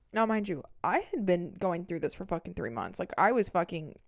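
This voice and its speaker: A young woman in her twenties tells a messy breakup story on her vlog. She swears freely and performs each moment with animated, dramatic flair. Her delivery is brash and conversational, like gossip shared with a friend. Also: fairly low pitch, fairly quick, hardly any pauses. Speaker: vlogger.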